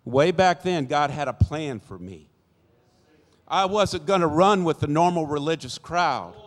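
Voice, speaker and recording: A man in his sixties gives a sermon-style testimony from a church stage, his voice sitting a bit higher than most men's. He spins his story in a folksy way, slipping into the voices of the people in it. The sound carries a long church-hall reverb. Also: animated, unhurried. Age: 60s. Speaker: church speaker giving testimony. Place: church sanctuary.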